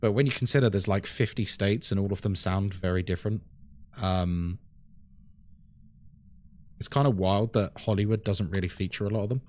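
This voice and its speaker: During a live horror game stream, a British man with a fairly low voice talks at a moderate pace, leaving long pauses. He casually responds to chat and explains what's going on, using plenty of fillers like "like" and "um."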